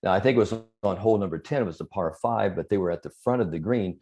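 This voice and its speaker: A man, a sports psychologist, talking as an interview guest and telling anecdotes in a lively, chuckling way. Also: deep voice, fast talker, lo-fi sound. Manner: animated storyteller, chuckles through anecdotes. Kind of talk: conversational interview storytelling.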